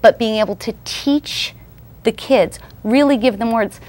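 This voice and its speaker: A woman's voice: a little high, unhurried, a little mellow. A woman in her thirties, a parenting expert guest on a TV show, explaining her ideas earnestly. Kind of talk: TV interview.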